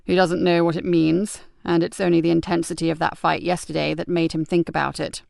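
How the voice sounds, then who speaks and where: A woman voicing a weary, steady male police sergeant who talks low and measured. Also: creaky, no echo, studio quality. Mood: calm.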